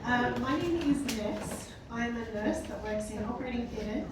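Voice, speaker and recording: A woman doing stand-up comedy with self-deprecating, deadpan storytelling, heard from a distant mic in an echoey live venue. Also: a little high, normal speed, background noise.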